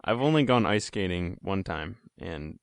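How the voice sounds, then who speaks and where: A man's voice: sits low, animated, moderate pace, dry recording, clean studio sound. A young man hosting a podcast, asking curious, playful questions in casual chat. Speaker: podcast host.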